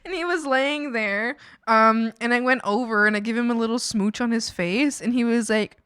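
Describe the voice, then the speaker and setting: A woman streaming while she works on art, telling stories in a casual, animated way, acting out quotes and laughing often. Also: fairly high pitch, moderate pace, clear, resonant tone, no echo, studio quality. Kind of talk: casual chat while drawing.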